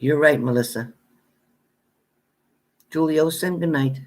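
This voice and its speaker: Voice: medium pitch, a little slow, darkish tone. Chatty, blunt tarot reader on a live stream. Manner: chatty, greets viewers by name; laughs often, playful banter. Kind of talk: casual live-stream chat with viewers.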